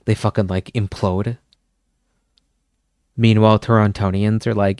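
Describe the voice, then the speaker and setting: A man's voice: on the low side, little pitch movement, a little slow, long pauses, darkish tone, dry recording, studio quality. A man streaming, chatting casually with his viewers, rambling and swearing as he goes. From Canada. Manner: rambling, swears often, chuckles.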